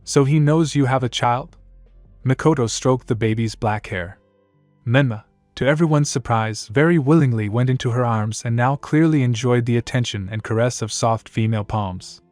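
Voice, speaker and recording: Man narrating fan fiction, steady. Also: medium pitch, moderate pace, no echo, soft background music.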